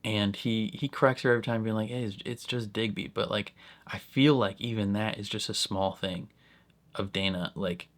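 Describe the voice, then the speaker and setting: Low-voiced man rambling a TV reaction. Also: normal speed. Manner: rambling, filler-heavy, animated bursts. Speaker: reaction channel host. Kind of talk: casual spoken TV reaction.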